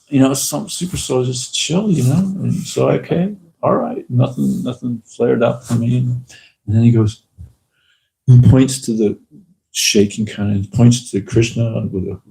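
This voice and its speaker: A man giving a casual talk at a temple, telling lively anecdotes and acting out the people in them. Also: mid-range voice, measured pace, creaky, a little hiss or hum, rough recording. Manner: lively anecdotal storyteller, acts out quotes. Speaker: temple speaker.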